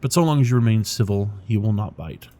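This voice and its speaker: A man's voice: lowish voice, lively intonation, mellow, natural voice. A man reading as a cultured, polite engineer. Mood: polite, measured. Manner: polite, measured, unhurried. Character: cultured, pleasant middle-aged man, calm drone engineer.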